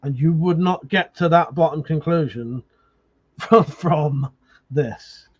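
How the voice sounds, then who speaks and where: A man's voice: on the high side, slow, a little mellow, slightly rough, muffled recording. A man hosting a casual live stream, arguing animatedly, swearing freely and reading viewer comments aloud. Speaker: livestream host.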